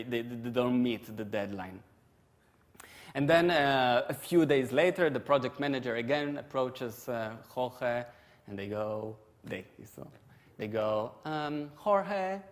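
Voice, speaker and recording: A man's voice: medium pitch, long reverb tail. A man giving a humorous conference talk, chatty and self-deprecating, full of restarts and little asides. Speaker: conference speaker. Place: lecture hall at a conference.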